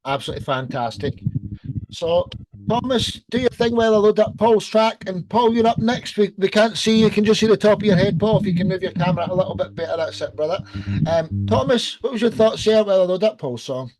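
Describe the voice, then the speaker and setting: A man's voice: high-pitched, animated, fairly quick, a little mellow, a little hiss or hum, low-quality recording. Effusive male podcast host. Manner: effusive, addresses guests as brother. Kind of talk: live online show hosting. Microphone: video call.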